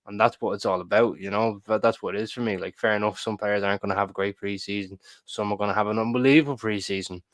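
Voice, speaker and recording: A man's voice: fairly low pitch, fairly even intonation, quick pace, few pauses, dry recording. Opinionated man on a podcast. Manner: opinionated, jokey, repeats himself. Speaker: podcast co-host. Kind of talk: casual football podcast chat.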